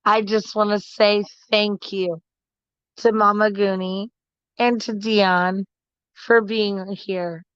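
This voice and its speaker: Hesitant woman, flat and slow. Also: mid-range voice, smooth, no room sound, muffled recording. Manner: hesitant, halting, many restarts. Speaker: host's partner and guest. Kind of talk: casual live stream talk.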